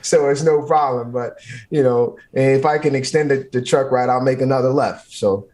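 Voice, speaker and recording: A man's voice: mid-range voice, normal speed, a little mellow. A man, a firefighter guest in an interview, giving motivational talk in short, repeated, punchy phrases.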